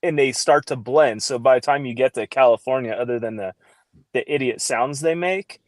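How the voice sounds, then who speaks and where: A man's voice: mid-range voice, normal speed, no echo. A man guest on a podcast, explaining his views with dry teasing in casual chat.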